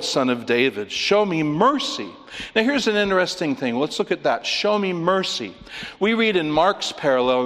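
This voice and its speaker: A man preaching an expository sermon, working through his outline and acting out quoted lines with sudden loud cries. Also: fairly high pitch. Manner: animated, outline-driven, acts out quoted pleas loudly. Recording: long reverb of a church hall.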